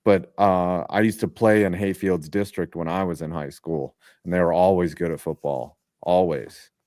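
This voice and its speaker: A man's voice: deep voice, fairly even intonation, normal speed, darkish tone, dry recording, studio quality. A man co-hosting a casual sports podcast, telling laid-back stories with plenty of swearing. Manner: laid-back, profane, storytelling asides. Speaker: podcast co-host.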